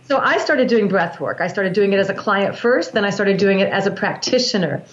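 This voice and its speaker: A woman's voice: medium pitch, lively intonation, fairly quick, a little hiss or hum. A woman guest explaining breath work in an earnest, flowing way, often restarting her sentences. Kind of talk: explanatory interview talk. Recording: roomy, dull lo-fi sound.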